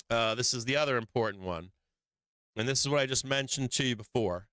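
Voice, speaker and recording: Brash male stream host with a bright, clear voice, swearing freely and repeating his points for emphasis. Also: mid-range voice, no echo. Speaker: stock market show host. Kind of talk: livestream market commentary.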